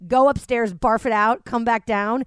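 A woman co-hosting a casual remote chat, talking in fast animated bursts with frequent laughter and swearing. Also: a little high, clean tone, dry recording, studio quality. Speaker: podcast co-host. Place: at home, connected remotely.

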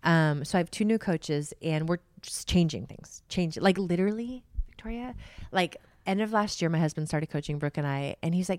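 A woman's voice: on the low side, moderate pace, no echo. A middle-aged woman and professional athlete talking candidly as an interview guest, acting out what people said in her stories. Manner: animated storyteller, acts out quotes. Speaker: professional volleyball player, guest.

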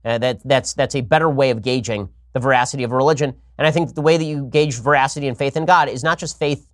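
A man's voice: mid-range voice, fast talker, no room sound, studio quality. A man hosting a show, answering listener questions in a casual, wry monologue full of restarts. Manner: talkative, frequent restarts, wry. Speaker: podcast host.

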